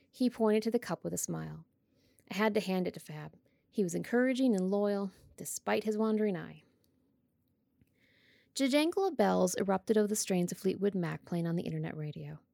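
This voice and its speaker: A woman's voice: medium pitch, creaky, mellow, no room sound, clean studio sound. A woman hosting a podcast, bubbly and eager, reading a novel aloud. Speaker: podcast host and reader.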